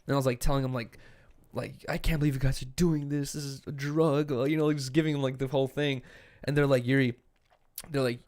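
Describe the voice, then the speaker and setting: With a medium-pitched, slightly mellow voice, fairly even intonation, and a quick pace, this young podcast co-host from California chats casually. He tells easygoing, foul-mouthed stories and performs the quotes himself.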